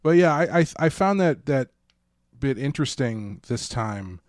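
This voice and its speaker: A man co-hosting a casual film podcast, talking in halting bursts with restarts and dry jokes. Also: mid-range voice, expressive, dry recording. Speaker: podcast co-host.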